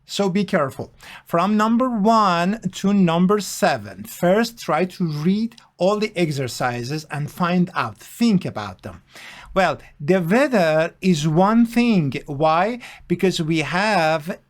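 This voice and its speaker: A man teaching grammar, speaking in a slow, repetitive, emphatic way with many fillers. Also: sits high, animated. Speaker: English teacher. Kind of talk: grammar lesson explanation.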